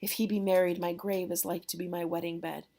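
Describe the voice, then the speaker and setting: A woman reading aloud the part of a dramatic, lovestruck teenage girl, slow and heightened. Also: lowish voice, level tone, dark tone. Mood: yearning.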